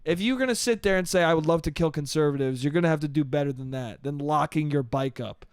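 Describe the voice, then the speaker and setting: A man with a high voice rants through a story on his solo comedy podcast. He sounds exasperated, swears freely and keeps saying "dude." The sound is dry and close, with no room echo. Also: fast, clear, resonant tone. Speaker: podcast host. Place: New York.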